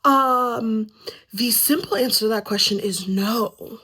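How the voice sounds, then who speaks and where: A woman's voice: on the high side, slow pace, pushed and bright, breathy edge. A young woman vlogging about books in a casual, rambling, self-mocking way, short on sleep. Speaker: book vlogger. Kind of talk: casual vlog chat.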